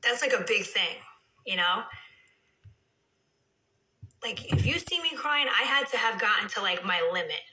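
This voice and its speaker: Chatty New woman, bright voice. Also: mid-range voice, lively intonation, measured pace, pauses often, echoey room, low-quality recording. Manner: chatty, swings into soft whispers and heated rants. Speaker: reality TV personality on a live stream. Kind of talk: casual live-stream chat reading comments. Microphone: phone.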